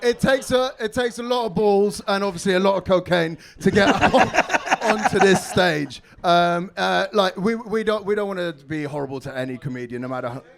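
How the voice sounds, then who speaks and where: A man hosting a live comedy night on stage, calming a rowdy act by repeating himself. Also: high voice, normal speed, vocal fry. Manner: repeats "listen" to calm things.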